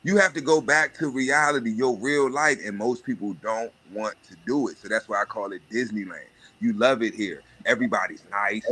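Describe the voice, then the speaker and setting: Brief: adult man, livestream host, blunt and animated, punchy bright tone. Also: fairly low pitch, normal speed, hardly any pauses, husky. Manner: profane, animated rant with mocking put-on voices. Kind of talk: casual monologue.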